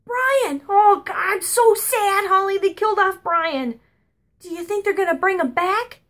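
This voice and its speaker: A woman voicing her feisty, outspoken old grandmother, loud and exclaiming. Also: very high voice, animated, normal speed, pitched above the performer's own voice. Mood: upset.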